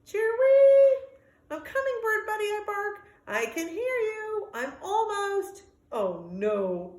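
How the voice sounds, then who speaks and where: Friendly young pup, anxious but sweet, kinda high voice, storybook style, woman reading it. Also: moderate pace, echoey room. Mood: eager. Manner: lively storybook reading with sound effects.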